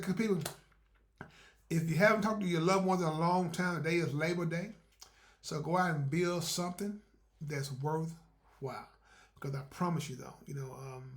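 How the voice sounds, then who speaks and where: A man hosting his own podcast, talking casually in a folksy way, repeating words and acting out little dialogues. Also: on the high side. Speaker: podcast host. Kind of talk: casual solo monologue.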